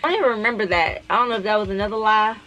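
A woman's voice: mid-range voice, rapid-fire, bright, forceful tone, highs cut off. Blunt, profane young woman telling a story. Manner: blunt and profane, talking straight to viewers. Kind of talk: story time vlog. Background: faint background music.

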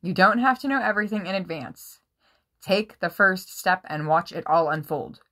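Excitable, swearing tarot-reading woman. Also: on the low side, normal speed. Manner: excitable, swears freely, bursts into laughter and squeals. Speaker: tarot reader.

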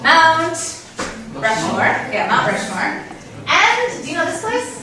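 A woman's voice: extremely high pitch, huge pitch swings, takes it slowly. A young woman from North Dakota giving a casual talk to an audience, chatty, often asking questions and laughing. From North Dakota, USA. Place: lecture room with audience. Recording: echoey hall, mic at a distance.

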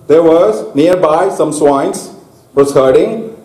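High-ish voiced guy preaching a sermon real slow, asks the crowd stuff, echoey church room. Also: dark tone. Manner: slow and deliberate, asking the congregation questions. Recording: echoey hall.

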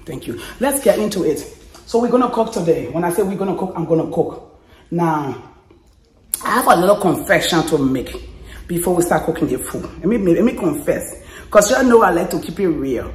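A woman hosting a casual cooking vlog, hoarse from shouting, exuberant and quick to laugh and yell. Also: low-pitched, roomy sound. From Liberia. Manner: exuberant, laughs and yells often. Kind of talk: casual chat to camera. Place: home kitchen.

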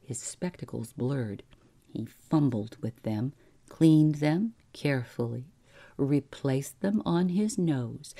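A woman reading a bedtime story aloud in a soothing, measured way. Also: very deep voice, lively intonation, dark tone.

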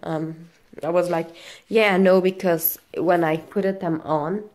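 Low-voiced woman, breathless and coughing. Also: steady tone, mellow. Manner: halting, non-native English full of fillers. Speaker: vlogger. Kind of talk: casual vlog.

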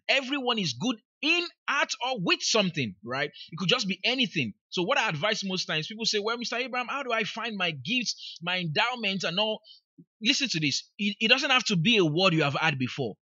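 A man's voice: high voice, sharp tone, no echo, lo-fi sound. A man with a Nigerian accent giving a motivational teaching talk, emphatic and repeating phrases for emphasis. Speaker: speaker and life coach.

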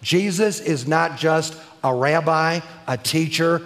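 A man preaching a sermon emphatically, building to crescendos and slowing down to stress key words. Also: fairly high pitch, fairly bright tone. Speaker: preacher and teacher. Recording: long hall reverb.

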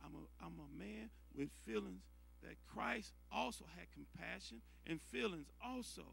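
Gravelly preaching man. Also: high voice, animated, unhurried, fairly bright tone. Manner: conversational preaching with repetitions and restarts. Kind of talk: sermon.

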